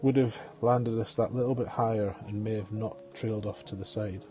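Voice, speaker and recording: A man's voice: lowish voice, steady tone, brisk, warm tone. A man giving casual live-stream commentary on a game, chatty, thinking aloud and chuckling often.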